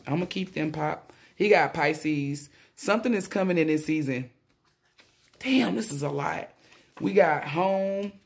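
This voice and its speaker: A woman doing a casual spiritual tarot reading, excitable and blunt, swearing freely. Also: sits low, unhurried. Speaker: tarot reader.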